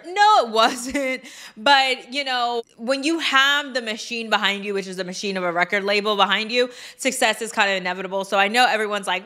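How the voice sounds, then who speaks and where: A woman giving casual commentary on a vlog, chatty with quick asides and lots of fillers. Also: on the high side, bright, forceful tone. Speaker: commentary vlogger.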